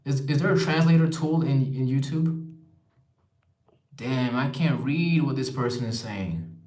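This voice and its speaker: A man's voice: mid-range voice, measured pace, a little mellow. A young man hosting a casual livestream, reading viewer comments aloud and replying in a chatty way. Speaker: livestream host. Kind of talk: casual live-stream chat. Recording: echoey room.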